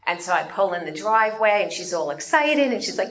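A woman giving an animated storytelling talk, asking her audience questions as she goes. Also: mid-range voice, brisk, lo-fi sound. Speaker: speaker.

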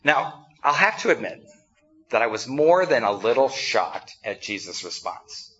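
A male pastor delivers a sermon in a bright, fairly high voice that swings widely in pitch. He talks conversationally and acts out the lines he quotes. The recording is dull and lo-fi. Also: sing-song, unhurried. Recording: dull lo-fi sound.

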